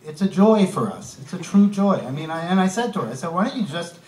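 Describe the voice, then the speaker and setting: Man, stand-up comedian, lively sing-song delivery, echoey room, mic at a distance. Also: high voice, quick pace, slight background noise. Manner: wry, punchy delivery with asides to the crowd. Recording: live club room, mic heard from a distance. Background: audience laughter.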